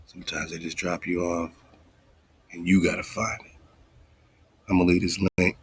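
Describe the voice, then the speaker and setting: A man hosting a radio show, thinking aloud as he looks up words, muttering and whispering asides to himself and reading quoted lines slowly. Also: low voice, level tone, slightly rough, dry recording. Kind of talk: casual research talk, looking up words live.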